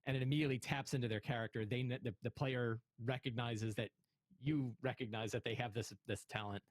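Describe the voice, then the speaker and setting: A man's voice: medium pitch, fairly even intonation, a little fast, no echo. A man game master on a panel, explaining earnestly and often repeating words. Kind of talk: casual panel discussion.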